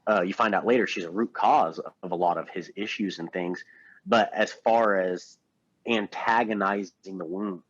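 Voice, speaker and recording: A man's voice: sits low, normal speed, a bit bright, slightly rough, no echo. A man co-hosting a podcast, talking through a film in a loose, meandering way with lots of fillers. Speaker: podcast co-host. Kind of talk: casual film discussion. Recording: dull, lo-fi podcast audio.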